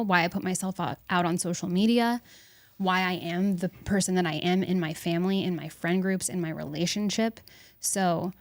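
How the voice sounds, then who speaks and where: Young woman doing a solo podcast, lowish voice, blunt and swears a bit, stops and restarts a lot, dry close sound. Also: no echo. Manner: candid and blunt, with casual swearing; reflective, with pauses and restarts. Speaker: podcast host.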